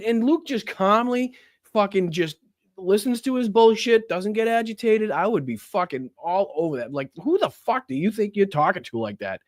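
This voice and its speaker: A man's voice: sits high, big pitch swings, normal speed, no echo, studio quality. A man reading out clips and ranting about them with heavy profanity. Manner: reads clips aloud, then comments. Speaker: political commentator. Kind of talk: profane reaction commentary.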